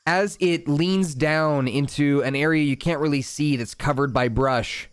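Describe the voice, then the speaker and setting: A man narrating a tabletop game as dungeon master, setting scenes calmly and chatting casually between rolls. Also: fairly high pitch, a little slow, smooth, no room sound. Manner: calm, descriptive scene-setting with casual asides.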